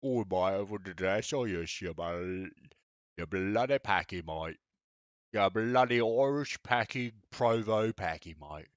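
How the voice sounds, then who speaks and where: A man's voice: fairly low pitch, expressive, measured pace, dry recording, dull audio, pitched below the performer's own voice. A man putting on a boastful, insulting British special forces soldier with a mocking, exaggerated British accent.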